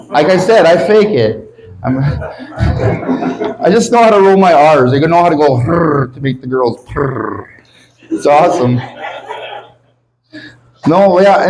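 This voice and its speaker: Man, stand-up comic, slightly high voice, crude, self-deprecating, swears a lot, loose delivery. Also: darkish tone, a little hiss or hum, low-quality recording. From Canada. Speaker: stand-up comedian. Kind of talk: stand-up comedy set. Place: comedy club stage with a live audience.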